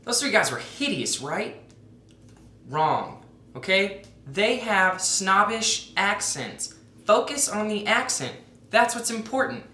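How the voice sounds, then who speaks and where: Sarcastic woman doing fake dating tips, bright voice, roomy echo. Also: mid-range voice, very animated, slow. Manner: sarcastic, mock-authoritative, lots of "okay?". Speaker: comedy narrator giving mock dating advice. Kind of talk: satirical scripted narration.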